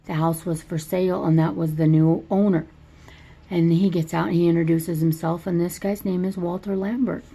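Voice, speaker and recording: A woman chats her way through a movie plot, rambling and doubling back as she goes. Her voice is low, with a gravelly crackle and a mellow, dark tone. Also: fairly even intonation, normal speed. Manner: rambling, chatty storyteller. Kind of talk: casual movie plot retelling.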